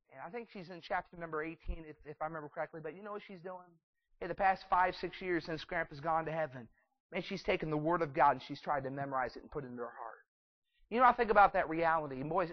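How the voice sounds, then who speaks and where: A man delivers a sermon in a high voice, emphatic and rambling, with frequent restarts and fillers. The recording is dull and lo-fi, with a dry sound. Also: dry recording. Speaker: preacher.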